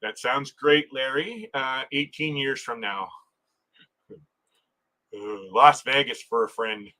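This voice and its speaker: A man's voice: mid-range voice, takes it slowly, sharp tone, low-quality recording. A man hosting a casual travel livestream, reading viewer comments aloud, chatting and laughing often, restarting his sentences. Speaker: livestream host.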